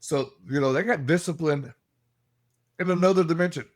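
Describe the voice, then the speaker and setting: A middle-aged man, a guest telling animated stories and laughing as he acts out the voices in them. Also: fairly high pitch, normal speed. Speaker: guest, paranormal investigator. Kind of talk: animated storytelling.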